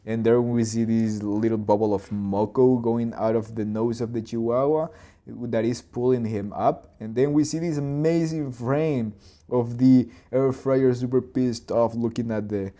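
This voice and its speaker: A man in his twenties or thirties hosting a live storyboarding session, talking loosely through his ideas, with restarts and boom and plop sound effects. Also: steady tone, measured pace, dark tone. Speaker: animator and channel host.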